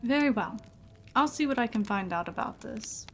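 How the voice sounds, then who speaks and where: A woman's voice: fairly high pitch, lively intonation, moderate pace, faint music behind. A woman reading aloud the lines of an earnest young male medical student in a story game, in her own plain voice. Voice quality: plain reading voice, no put-on accent.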